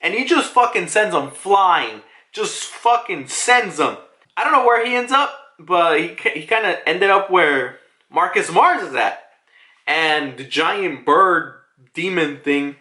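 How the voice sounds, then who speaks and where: A man's voice: sits high, animated, takes it slowly, sharp tone. A man giving a casual, rambling manga chapter review, swearing often and packing in fillers. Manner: rambling, profane, heavy on fillers like "like". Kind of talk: casual commentary. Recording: echoey room.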